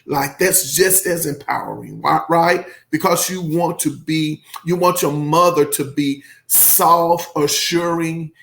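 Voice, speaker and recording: Gravelly, slow-talking emotional male reviewer. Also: a little high, a bit bright. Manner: effusive, emotional, rambling with many fillers. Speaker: music reviewer. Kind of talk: casual album commentary.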